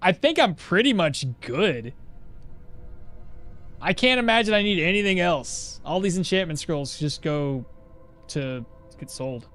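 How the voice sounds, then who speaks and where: A man's voice: sits high, lively intonation, a little slow, pauses often, fairly bright tone, faint music behind. A man streaming a game live, chatting casually and answering his chat while he plays. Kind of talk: casual live gameplay commentary.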